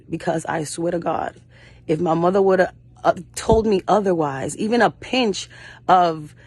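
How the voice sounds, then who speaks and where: A young actress, a guest in an interview, tells personal stories with blunt, fiery passion, cursing often and acting out the voices of her mother and others. Her voice is mid-range, with no room sound.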